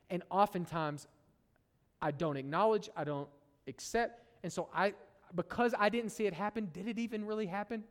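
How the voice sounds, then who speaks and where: A middle-aged man preaching a sermon to his church, conversational and joking, tagging lines with "right?". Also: very high-pitched. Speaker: pastor. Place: church sanctuary. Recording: long reverb of a large hall.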